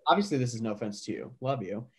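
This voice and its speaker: A man's voice: medium pitch, animated, quick pace, husky. A young man co-hosting a podcast in casual chat, easygoing, laughing along and leaning on fillers. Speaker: podcast co-host.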